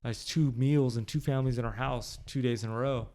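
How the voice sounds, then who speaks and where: In the living room of his home, a man appearing as a podcast guest tells a personal story in a candid, conversational way. He is blunt, profane and rambling, with many fillers, speaking briskly in a mid-range, steady, slightly mellow voice.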